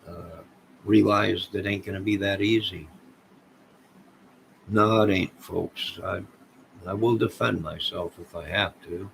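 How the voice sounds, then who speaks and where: Man, gravelly low voice, rambling livestream talk, faint hiss behind. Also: fairly even intonation, slow pace, long pauses, a bit bright, low-quality recording. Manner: rambling and conspiratorial, addressing his chat directly. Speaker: live streamer.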